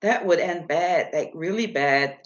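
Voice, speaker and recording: A woman's voice: lowish voice, unhurried, muffled recording. A woman hosting a casual livestream, rambling and laughing as she answers chat messages from her viewers. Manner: giggly, rambling, self-mocking. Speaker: livestream host.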